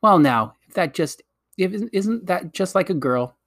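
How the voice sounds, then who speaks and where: A man's voice: high voice, animated, measured pace, fairly bright tone, voice pushed up, full character voice. Man doing a flustered pleading English boy.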